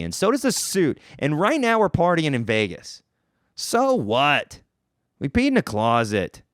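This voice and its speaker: A man hosting a podcast, telling a story in a casual, self-mocking way and jumping up in pitch for emphasis. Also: a bit bright, dry recording, clean studio sound. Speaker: podcast host.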